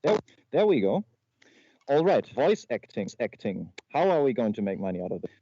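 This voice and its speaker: Man improvising a comedy talk over a muffled video call line; halting delivery with constant restarts, mellow tone. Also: mid-range voice, very animated, breathy edge, no room sound. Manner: halting, repeats words, stumbles and restarts. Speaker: improv presenter. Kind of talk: improvised comedy slide presentation. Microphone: video call microphone. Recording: muffled lo-fi call audio with faint noise.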